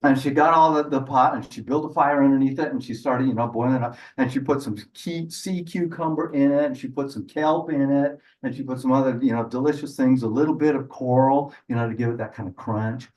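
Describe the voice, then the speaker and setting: A man's voice: mid-range voice, fairly quick, few pauses, a little mellow. A man telling a folk tale live in a home, playful and coaxing his listeners to join in. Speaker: storyteller. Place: living room of a home. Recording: voice from a distance.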